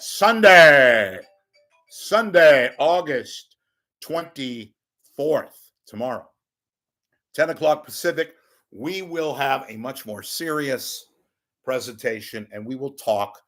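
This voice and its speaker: A man's voice: medium pitch, a bit bright. A man hosting a call-in show, talking in a casual, rambling monologue that is blunt, profane and full of wisecracks.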